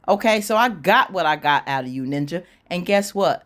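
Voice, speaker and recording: A sassy woman host with a somewhat low voice, recapping a TV episode. She tells the story in a slangy, animated, casual way and laughs often. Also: brisk, few pauses.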